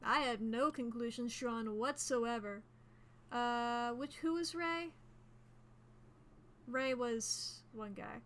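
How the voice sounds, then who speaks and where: A woman streaming a detective game, who reads its dialogue aloud and chats casually, joking and thinking out loud. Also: fairly high pitch, slow, pauses often. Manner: chatty, jokey, thinks out loud.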